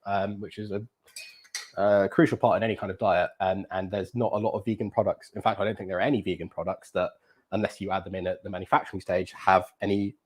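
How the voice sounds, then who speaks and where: A man hosting a live cooking challenge, hurried and breathless, then chatty and full of ums as he explains his dishes. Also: fairly low pitch, slight background noise. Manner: flustered and breathless under time pressure, then chatty explaining with many ums.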